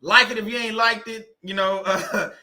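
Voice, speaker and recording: A man's voice: high voice, steady tone, moderate pace, pushed and bright. A man hosting a casual livestream, laughing often and reading viewers' comments aloud. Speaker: livestream host.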